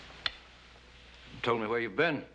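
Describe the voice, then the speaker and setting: An actor playing a possessive, bitter husband who speaks softly and needles his wife in a 1960s television western. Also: medium pitch, lively intonation, slow pace, lo-fi sound, noisy background. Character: clinging, suspicious, bitter husband.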